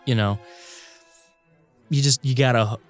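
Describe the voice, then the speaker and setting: Relaxed man steering a podcast chat. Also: mid-range voice, a little slow, soft background music. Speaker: podcast host. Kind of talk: casual movie discussion.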